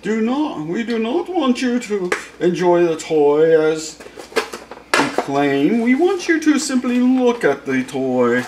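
A man's voice: high voice, very animated, slow, heavy background noise, voice pushed up, full character voice. A man putting on a mock-formal, sarcastic voice of a toy company spokesman.

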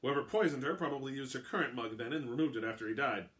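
A man's voice: medium pitch, quick pace, a bit bright, pitched above the performer's own voice, close to an everyday voice. A man voicing an earnest male sailing master on a pirate ship, trying to keep the peace. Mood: explaining. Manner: earnest, urgent.

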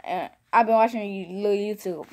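In a medium-pitched voice and at a brisk clip, a woman vlogger chats through a casual storytime. She rambles, repeats phrases to drive things home, and animatedly addresses her viewers directly.

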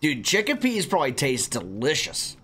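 A young man giving excited, jokey let's-play commentary, often bursting into shouts. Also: mid-range voice, normal speed, husky. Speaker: gaming YouTuber playing a creature-catching game.

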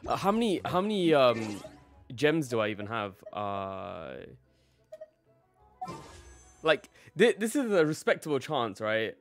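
Excitable young male game streamer. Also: medium pitch, a little slow, long pauses, soft background music. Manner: excitable, greets chat by name, laughs often. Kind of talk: casual live-stream chat.

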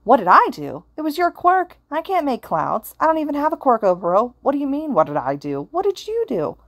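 A woman's voice: sits high, huge pitch swings, fairly quick, no room sound, clean studio sound, voice pushed up, heavily acted. A woman voicing an anxious, flustered teenage boy student who stammers in a spoken fan story. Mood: defensive. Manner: stammering, panicky.

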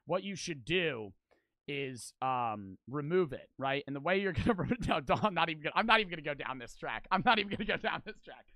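A young man streaming his reactions to a video, joking loudly and swearing, breaking into laughs and shouts. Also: on the high side, lively intonation, fast, no room sound. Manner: loud, profane, joking, bursts into shouts and laughs. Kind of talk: casual reaction commentary.

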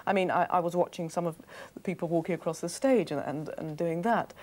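A woman's voice: fairly low pitch, brisk, a little mellow. A woman voice coach leading a workshop on a TV studio stage, coaxing the audience through exercises.

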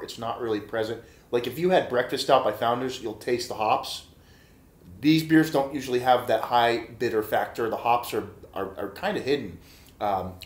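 Reverb surrounds this medium-pitched male voice as he reviews beer in a casual, chatty vlog. Full of enthusiasm, he addresses viewers as "guys" and repeats himself.

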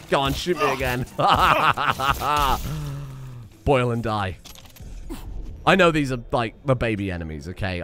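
A man's voice: medium pitch, a bit bright. A man streaming a video game, rambling and self-mocking, swearing casually as he goes. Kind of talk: casual gameplay commentary.

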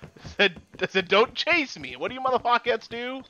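A man streaming a shooter game, swearing, laughing and shouting taunts at other players over a headset. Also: very high voice, expressive, moderate pace, dull audio. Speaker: gaming streamer. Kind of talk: excited gameplay trash talk. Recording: noisy game audio in background.

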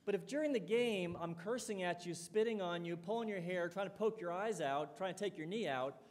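A middle-aged college president gives a conversational public talk in a lecture hall or dining hall, his high-sitting voice fairly quick. He tells anecdotes and acts out the quoted dialogue, with long hall reverb on the recording.

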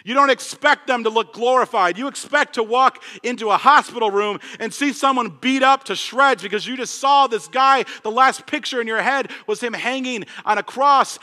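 A male pastor preaches to his church in a high, bright voice. He is earnest, pressing some points hard and dropping others to a hush, and a long reverb trails his words through the hall. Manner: earnest, swings between emphatic and hushed. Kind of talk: sermon.

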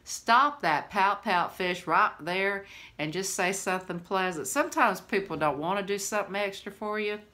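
A woman's voice: mid-range voice, moderate pace, pushed and bright. A woman, chatting to camera in a rambling, friendly way and laughing often. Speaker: vlogger. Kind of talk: casual chat to camera.

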